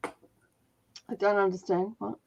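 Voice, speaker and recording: A woman hosting a relaxed reading sprint stream, chatting with friends and reading out viewer comments. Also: mid-range voice, slow, creaky, muffled recording, a crowd in the background. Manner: reads out chat comments, laughs often. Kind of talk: casual chat on a livestream.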